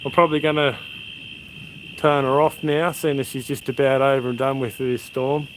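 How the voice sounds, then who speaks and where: A middle-aged Australian man hosts a livestream outdoors at night, rambling through stories and chatting casually with viewers in a matey, laid-back way. His mid-range voice stays level at normal speed. The background is noisy, with crickets and insects chirping.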